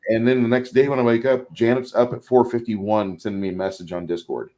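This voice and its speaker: A man's voice: medium pitch, steady tone, a little fast, mellow, low-quality recording. A man co-hosting a casual chat, rambling and filling his talk with "like". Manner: rambling, lots of "like". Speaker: co-host.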